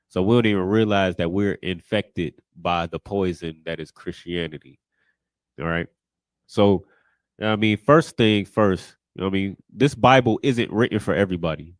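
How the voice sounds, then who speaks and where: A man's voice: lowish voice, no room sound. A man teaching a scripture class in a casual, conversational way, often repeating "you know what I mean".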